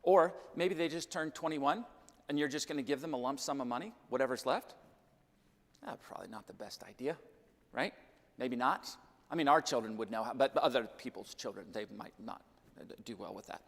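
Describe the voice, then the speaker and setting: A man's voice: medium pitch, normal speed, gravelly, fairly bright tone, long reverb tail. A Midwestern man from Kansas, a financial planner, giving a chatty church seminar talk and checking in with the audience every few sentences. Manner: chatty, keeps checking in with "okay?" and "right?". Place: church hall.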